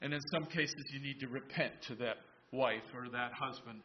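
A man's voice: mid-range voice, normal speed, lo-fi sound, background noise. A man preaching a sermon, retelling a Bible story conversationally and asking the congregation questions. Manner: storytelling, voices biblical characters in asides. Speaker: pastor.

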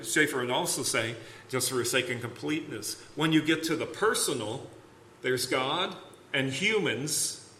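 A man's voice: mid-range voice, a bit bright, roomy sound, a little hiss or hum. A man preaching a sermon in a church, building emphasis on key words. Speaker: pastor. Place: church sanctuary.

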